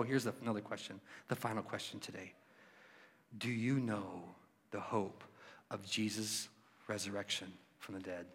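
A man preaching a sermon with passion, swinging between loud exclamations and hushed questions. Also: fairly low pitch, long reverb tail. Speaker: pastor.

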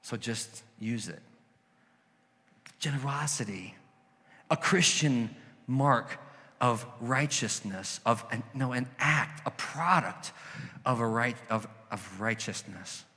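A man's voice: medium pitch, animated, slow pace, long pauses, sharp tone, big-room sound. A man preaching a conversational sermon as a pastor, telling stories and acting out quoted voices.

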